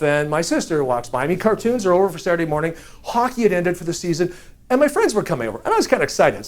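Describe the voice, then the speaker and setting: A man telling a personal childhood story in an animated, self-mocking way, often laughing as he talks. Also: sits high.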